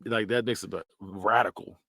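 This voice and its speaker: A man's voice: fairly low pitch, normal speed, creaky, no room sound, clean studio sound. A man hosting a podcast, ranking phrases in a blunt, slangy way and laughing often as he mimics them. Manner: animated, laughs often, repeats phrases in mock voices. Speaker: podcast host. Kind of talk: casual tier-list commentary.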